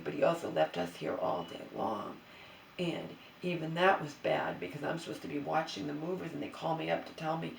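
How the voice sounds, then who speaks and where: A woman's voice: on the low side, vocal fry, recorded from a distance, a little hiss or hum. A woman vlogger in a rambling, exasperated monologue to camera, recorded in an empty bedroom in her new home. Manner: rambling, exasperated venting with restarts. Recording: roomy echo, voice away from the mic.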